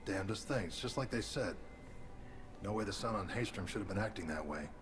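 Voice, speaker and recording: An actor voicing a blunt, gruff male soldier in a video game. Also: lowish voice, lively intonation, fairly quick, noisy background, close to an everyday voice.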